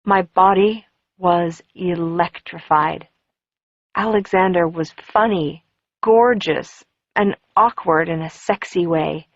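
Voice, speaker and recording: Woman, audiobook narrator, measured, dry, muffled. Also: on the low side, dry recording. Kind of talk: first-person audiobook narration.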